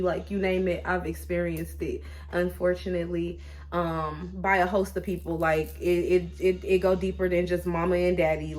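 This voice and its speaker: A woman vlogger talking candidly to her viewers in a chatty, animated way, full of fillers and restarts. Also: on the low side. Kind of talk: casual personal talk to camera.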